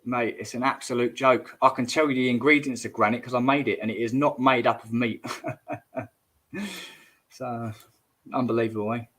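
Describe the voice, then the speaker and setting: A man's voice: mid-range voice, fairly even intonation, moderate pace, long pauses, a bit bright. Chatty man hosting a livestream. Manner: chatty and jokey, says mate, laughs at chat comments. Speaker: YouTube livestream host. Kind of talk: casual live-stream chat.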